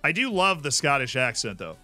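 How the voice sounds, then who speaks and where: An American man chats and rambles on a live gaming stream. His voice is bright and animated, swinging up and down, recorded dry with faint game music behind. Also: medium pitch, a little fast, no echo. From United States. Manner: rambling, chatty, reacts aloud to the game. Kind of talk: casual live-stream chat while gaming.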